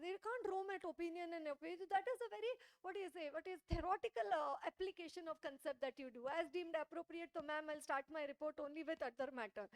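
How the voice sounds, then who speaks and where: A woman with an Indian English accent giving a classroom audit lecture, often stopping to check whether students follow. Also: very high-pitched. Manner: checks understanding with frequent rhetorical questions.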